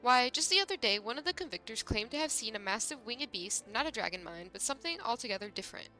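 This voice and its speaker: A woman's voice: a little high, animated, quick pace, bright, forceful tone, faint music behind. A woman voicing a sarcastic game gate guard who warns of danger in formal phrasing.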